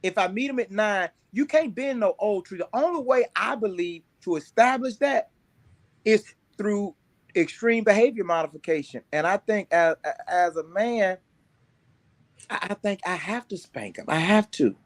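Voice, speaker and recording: A man's voice: high-pitched, lively intonation, moderate pace, no echo. A man in a casual talk-show debate, pushing his point with teasing questions.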